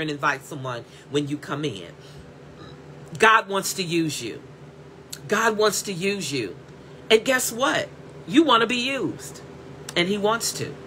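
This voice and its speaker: A woman's voice: fairly low pitch, bright, forceful tone, slight background noise. A woman preaching an impassioned sermon as a prophetic teacher, blunt and repetitive, breaking into cries of praise. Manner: blunt, scolding and direct.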